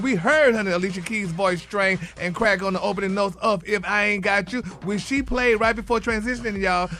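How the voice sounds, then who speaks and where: A man's voice: high voice, pushed and bright. A man voicing a flamboyant gossiping man who dishes celebrity news on morning radio, calling everyone honey and y'all. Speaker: celebrity gossip segment regular. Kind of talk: radio comedy bit.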